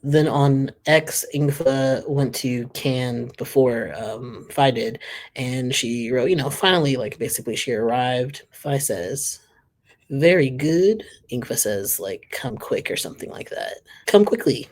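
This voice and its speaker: A man's voice: medium pitch, steady tone, measured pace. A man hosting a casual reaction channel, chatting and giggling as he reads social media posts aloud.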